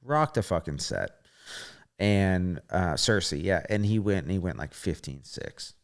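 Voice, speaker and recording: Deep-voiced man telling a sports story. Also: unhurried, vocal fry. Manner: animated, swears often, acts out quotes. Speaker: podcast guest, former gymnast. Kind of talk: casual storytelling interview.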